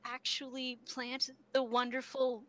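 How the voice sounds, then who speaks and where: A woman voicing an eager young museum worker in a tabletop game, gushing and pleading with excitement. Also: high voice, a little slow. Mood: excited.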